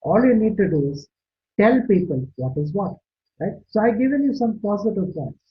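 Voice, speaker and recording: A man's voice: high voice, lively intonation, moderate pace. A man giving an online sermon talk on a video call, emphatic and constantly asking "right?" and "okay?" to his listeners. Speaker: Christian speaker. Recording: tinny video-call audio, faint hiss.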